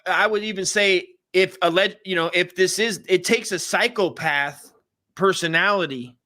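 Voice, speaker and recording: Bright, sharp-toned man in podcast banter. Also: high-pitched, normal speed. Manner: rambling, profane, acts out what people said. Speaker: podcast co-host. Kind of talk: casual podcast chat.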